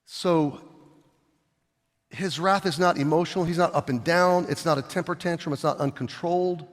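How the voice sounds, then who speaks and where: A middle-aged male pastor preaching a sermon, animated, swinging between loud and soft as he acts out scenes. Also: a little high, normal speed. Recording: long hall reverb.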